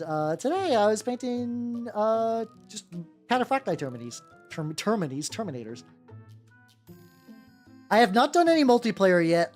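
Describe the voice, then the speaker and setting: Rambling man with a lively voice. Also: high voice. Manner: rambling, stumbling self-corrections. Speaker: VTuber streamer. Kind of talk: casual livestream chat while painting miniatures. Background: soft background music.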